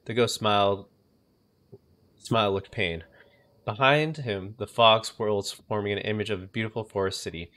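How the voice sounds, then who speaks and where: A man's voice: fairly low pitch, moderate pace, fairly bright tone. A man streaming a game, reading its story aloud with casual asides.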